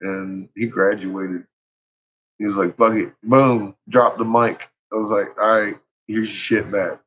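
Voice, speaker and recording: A man's voice: on the low side, fairly even intonation, measured pace, fairly bright tone. A middle-aged father telling stories about his son in casual chat, laughing often and swearing freely. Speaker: vlogger, father. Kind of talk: casual storytelling. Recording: dull lo-fi sound.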